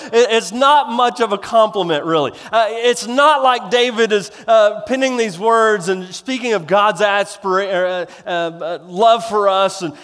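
A man's voice: sits high, fairly bright tone, clean tone, long reverb tail. A male pastor preaching a sermon in a folksy, rambling way, with restarts and self-deprecating humor.

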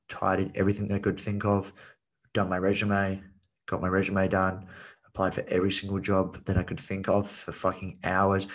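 A man in his late twenties with a low, level voice. He keeps the same even tone as he talks as a podcast guest. He speaks bluntly and swears freely, leaning on "like" and "you know" as he goes. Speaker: podcast guest, men's coach. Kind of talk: casual storytelling podcast chat.

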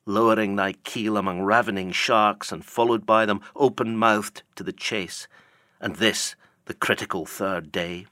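Male reader as a loyal, dread-filled first mate: hushed, mournful, dry close sound. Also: on the low side, fairly even intonation, unhurried, no room sound. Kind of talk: audiobook character reading.

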